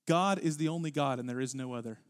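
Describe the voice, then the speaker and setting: A man preaching a sermon as pastor, reading scripture with deliberate weight and growing louder when he stresses a point. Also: mid-range voice, steady tone.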